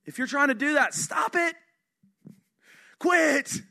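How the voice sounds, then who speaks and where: Bright-voiced man preaching a sermon. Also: extremely high pitch, animated, slow pace, gravelly. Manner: earnest, conversational preaching with rhetorical questions. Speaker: senior pastor.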